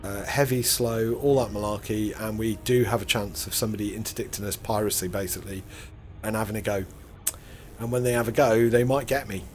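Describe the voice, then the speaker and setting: Rambling man narrating gameplay. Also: on the low side. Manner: rambling, self-deprecating, chuckles to himself. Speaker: gaming channel host. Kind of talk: casual gameplay commentary.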